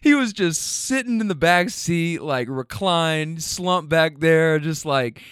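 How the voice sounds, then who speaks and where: A man telling driving stories casually, his voice slightly high and very clear. He laughs often and swears freely. The sound is close and dry, with no room behind it. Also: takes it slowly, a bit bright, no room sound. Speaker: rideshare driver and storyteller. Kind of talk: casual storytelling.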